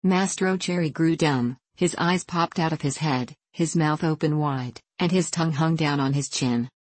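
A woman narrating a classic children's storybook in a measured, plain manner. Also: deep voice, a little mellow, no echo. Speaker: audiobook narrator. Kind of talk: storybook reading.

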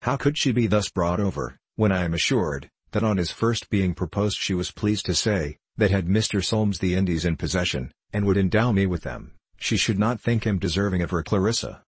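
Deep, husky male audiobook narrator. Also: expressive, normal speed, hardly any pauses, no echo. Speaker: audiobook reader. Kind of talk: scripted narration of a period novel.

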